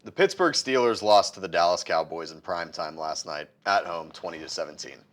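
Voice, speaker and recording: Man, sports talk co-host, lively rising pitch, heated rant, scratchy throat. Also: a little fast. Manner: animated, heated rants.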